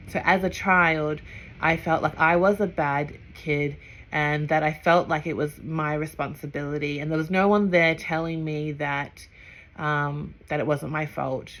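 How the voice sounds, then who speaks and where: A young woman sharing a personal breathwork experience in a soft, halting way, with many pauses and fillers. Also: sits low. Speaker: breathwork trainee. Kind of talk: personal reflective vlog.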